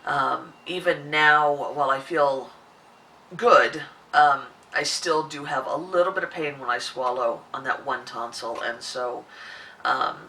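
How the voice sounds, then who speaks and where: A woman hosting a podcast in casual chat, her voice husky and hoarse from a sore throat, rambling with many restarts. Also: measured pace, sharp tone, far from the mic, a little hiss or hum. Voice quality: husky, deeper than usual. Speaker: podcast host.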